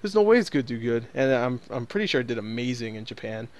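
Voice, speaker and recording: Smooth-voiced man hosting a casual podcast. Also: medium pitch, sing-song, fast talker. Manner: rambling, laughs often, swears freely. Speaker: podcast host. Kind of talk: casual chat.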